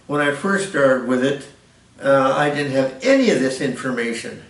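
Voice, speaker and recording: Older man, gravelly voice, rambling music lesson, echoey room, distant mic. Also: mid-range voice, lively intonation, normal speed. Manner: rambling, self-correcting explanation. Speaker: music teacher.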